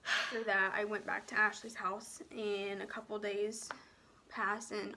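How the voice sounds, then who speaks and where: A young woman tells her own story in an emotional vlog. She sounds close to tears and speaks haltingly, often dropping to a near whisper and filling pauses with "um" and "like.". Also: mid-range voice, flat delivery, pushed and bright, slight background noise. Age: young adult. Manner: frequent "um" and "like" fillers.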